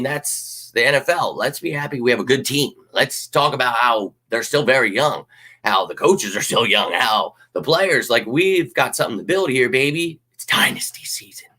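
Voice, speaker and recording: A young man hosting a fan channel, talking in a casual, rambling, animated way with lots of fillers and sudden shouted bursts. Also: mid-range voice. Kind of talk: casual livestream talk.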